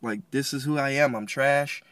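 A man voicing an exasperated, defensive biblical hero who talks back in a loud, raised, slangy voice. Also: moderate pace, no room sound, natural voice. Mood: defiant. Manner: indignant, slangy, loud and high.

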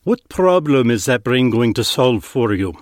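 A man's voice: mid-range voice, big pitch swings, measured pace, dry recording. A man voicing a wounded male mechanic who speaks in a blunt, demanding tone, read close to a dry mic. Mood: gruff demanding.

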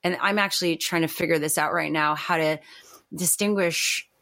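A woman talking as a podcast guest in a reflective, animated way, with many fillers and restarts. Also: deep voice, moderate pace, creaky, no room sound. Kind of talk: casual podcast conversation.

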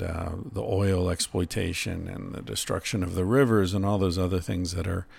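A middle-aged man hosting a podcast, musing in an unhurried, casual way and swearing now and then. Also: low voice, gravelly, dry recording. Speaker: podcast host. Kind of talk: reflective casual monologue.

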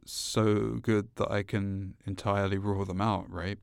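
A man's voice: on the low side, little pitch movement, gravelly, clear, resonant tone, no echo, clean studio sound. Laid-back British man reading poetry. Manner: slow deliberate reading, laughs easily, restarts often. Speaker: podcast co-host. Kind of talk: poetry reading and casual chat.

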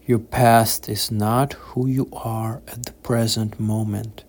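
A man reading the part of a patient, kind old lighthouse keeper who speaks in gentle, calm questions. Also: on the low side, takes it slowly.

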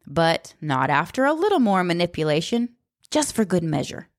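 Sarcastic woman in her 30s ranting casually, bit of a low voice, dead dry room, curses a lot. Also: big pitch swings, normal speed, no echo. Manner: blunt, profane and sarcastic. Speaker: book commentator. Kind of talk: casual spoken commentary.

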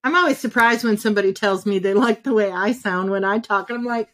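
A woman in casual conversation, animated and laughing often, her thoughts jumping ahead of her words. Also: medium pitch, quick pace.

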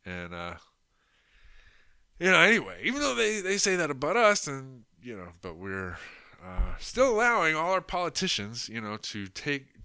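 Rambling crude-talking podcast host. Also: male voice, on the low side, sharp tone, clean tone, no room sound, clean studio sound. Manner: rambling, crude, mocking, lots of fillers. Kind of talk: casual political commentary.

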